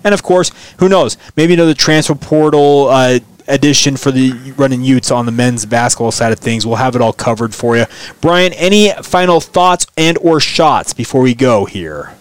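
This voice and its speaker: A male sports podcast host with a mid-range voice talks in a relaxed, upbeat way. The sound is dry and close, with no room echo. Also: mid-range voice, smooth. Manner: conversational, upbeat sign-off, quick laughs. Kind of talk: casual sports podcast chat.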